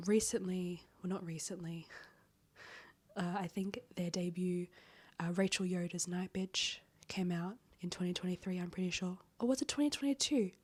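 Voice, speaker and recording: A woman in a casual book-review vlog, talking in a breathy, near-whispered, slightly hoarse voice, chatty and rambling with casual swearing. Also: on the low side, a little mellow. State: hoarse, voice cracking. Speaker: book vlogger.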